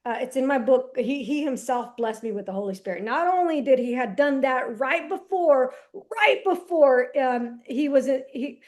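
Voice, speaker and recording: A woman with a bright, high voice tells her story with animated energy. She speaks casually, with slang and restarts, and acts out conversations as she goes. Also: moderate pace, hardly any pauses. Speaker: podcast guest. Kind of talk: personal testimony in casual conversation.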